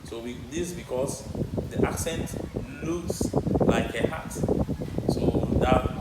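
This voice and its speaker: A man teaching a French lesson in English, explaining in a measured, halting way with frequent repetitions. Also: mid-range voice. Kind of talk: language lesson. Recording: echoey room with background noise.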